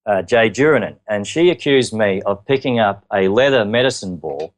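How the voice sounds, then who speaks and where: This Australian interview guest, whose voice is on the low side and animated, relates his own story. His telling is earnest and halting, peppered with many fillers.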